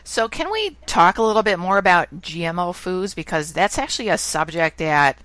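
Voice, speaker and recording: Low-voiced woman podcast host. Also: lively intonation, moderate pace, a bit bright. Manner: conversational, curious questioning. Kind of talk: casual interview.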